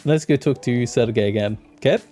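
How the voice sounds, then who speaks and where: A man's voice: medium pitch, brisk. Laughing gaming streamer man. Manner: laughing often, joking. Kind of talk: let's play commentary. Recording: soft music behind.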